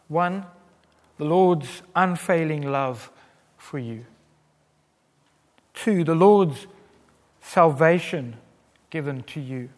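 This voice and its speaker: A man preaching a sermon in an earnest, emphatic way, pressing on key words and letting others fall soft. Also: on the high side, in a large hall. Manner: earnest, emphatic, with wide swings in loudness.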